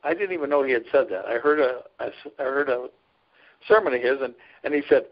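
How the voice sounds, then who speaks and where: A man with a mid-range voice, speaking a bit quickly, shares folksy, earnest stories in a casual interview and laughs frequently. He works as a trucker chaplain and leads a ministry, and the recording sounds dull and lo-fi.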